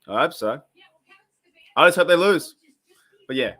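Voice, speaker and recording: An Australian man hosting a live sports reaction stream, chatting casually and rambling, with bursts of excitement at the plays. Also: fairly high pitch, a little slow.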